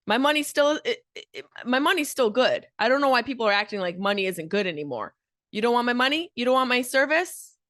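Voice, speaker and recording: A woman's voice: a little high, expressive, fast talker, a bit bright, dry recording, studio quality. A woman comedian hosting her own podcast, talking in a brash, profane, fired-up comic monologue.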